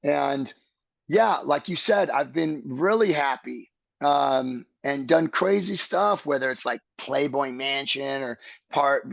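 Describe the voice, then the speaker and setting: A man's voice: mid-range voice, creaky, a bit bright, dry recording, muffled recording. A man speaking as a podcast guest, earnest and searching, building his thoughts step by step in a reflective conversation.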